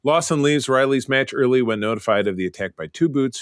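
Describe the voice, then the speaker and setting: A man's voice: medium pitch, animated, a little fast, smooth, no echo, clean studio sound. A man co-hosting a podcast in casual chat, reading plot summaries with chatty asides. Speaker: podcast co-host. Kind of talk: casual chat recapping episodes.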